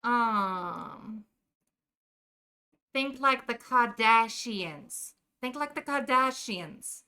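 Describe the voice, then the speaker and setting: Slow-talking woman in a put-on Jersey accent. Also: fairly high pitch, expressive, pushed and bright, clean tone. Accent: put-on New Jersey. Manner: playful, teasing game characters in a put-on voice. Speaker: streamer. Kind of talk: casual live-stream chat while gaming. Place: indoor room at home.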